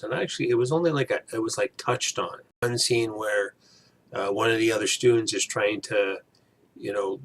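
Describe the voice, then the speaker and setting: A man's voice: on the low side, a little fast. A man in his fifties giving a casual, rambling movie review, drifting off on tangents and correcting himself. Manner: rambling, digressive, self-correcting.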